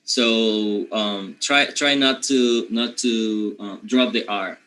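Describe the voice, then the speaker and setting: Slow, bright-toned Panamanian teacher. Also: male voice, lowish voice, fairly even intonation, rough recording. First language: Spanish. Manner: checks in with "okay?", frequently clears throat. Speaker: English teacher. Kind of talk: pronunciation lesson.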